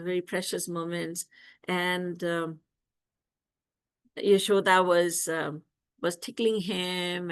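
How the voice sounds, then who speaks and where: A woman spiritual teacher telling devotional stories in an animated way, often laughing and acting out scenes, over a video call. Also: on the low side, clear, resonant tone. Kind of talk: devotional storytelling discourse.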